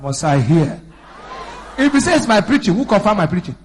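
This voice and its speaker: A man in his fifties preaching a sermon in church, swinging between shouted exhortation and chatty storytelling. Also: high-pitched, very animated, brisk, breathy edge. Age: 50s. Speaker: pastor.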